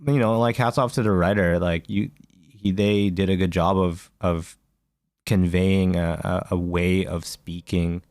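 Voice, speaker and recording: A deep-voiced man talks casually as a podcast co-host. He rambles, fills his pauses and restarts his sentences often. The recording is dry, with no room sound. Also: steady tone, darkish tone, no room sound. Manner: rambling, many fillers and restarts. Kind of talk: casual chat.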